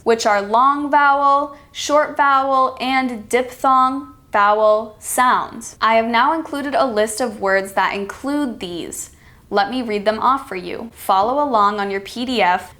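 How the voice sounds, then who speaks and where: A woman teaching an online pronunciation lesson, reading example sentences slowly and deliberately. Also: on the high side, a bit bright. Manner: clear, instructive teacher's delivery. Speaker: accent coach.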